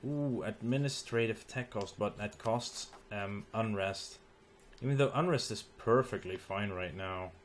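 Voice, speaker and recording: A tired man thinking aloud as he plays a strategy game late at night, halting with ums and restarts. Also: fairly low pitch, slight background noise. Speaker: gaming channel host. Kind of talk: let's play commentary.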